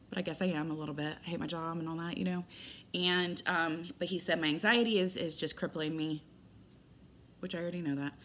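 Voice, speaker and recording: A middle-aged woman talks straight to her audience in a loose, rambling personal update. Her voice sits a little low, and she slips into lively retellings of conversations as she goes. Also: moderate pace, pauses often. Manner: rambling, candid, animated retelling with quoted dialogue. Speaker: vlogger.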